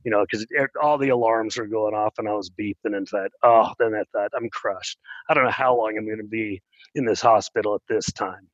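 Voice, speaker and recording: A middle-aged man, an interview guest, telling a personal story in an earnest, plainspoken way and pausing when moved. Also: lowish voice, steady tone, no echo, dull audio.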